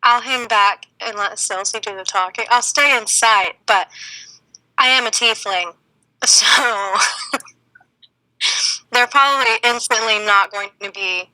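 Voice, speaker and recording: Woman player, wry, laughs a lot, super bright voice, no room echo. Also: on the high side, unhurried, long pauses. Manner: wry, laughs between lines. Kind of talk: casual tabletop play.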